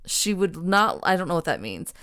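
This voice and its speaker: A woman's voice: fairly low pitch, big pitch swings, moderate pace, a bit bright, clean tone. A young woman co-hosting a podcast, casually retelling a true crime story with lots of ums, restarts and swearing. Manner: rambling, swears freely, frequent ums and restarts.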